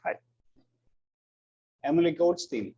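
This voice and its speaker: A man's voice: fairly high pitch, takes it slowly, dark tone, husky. A man with an Austrian German accent, a university lecturer taking questions and calling the roll in class, hesitant and apologetic, often repeating words. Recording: dull lo-fi classroom recording.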